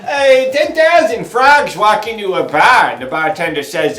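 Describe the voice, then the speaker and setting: A man performs improv comedy with animated punchline delivery. His pitch is lively and sits a little high. The room gives him a clear echo. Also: normal speed, hardly any pauses, soft background music. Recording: echoey room.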